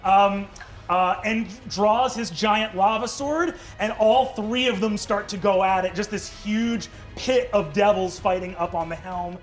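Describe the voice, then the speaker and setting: High-voiced man running a tabletop game. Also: faint music behind. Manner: quick narration with many fillers. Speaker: game master.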